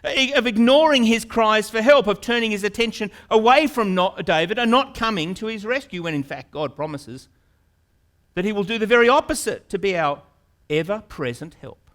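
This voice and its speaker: A male pastor preaching a sermon in an earnest manner, repeating words and rising into loud, pleading questions. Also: high-pitched, animated, moderate pace.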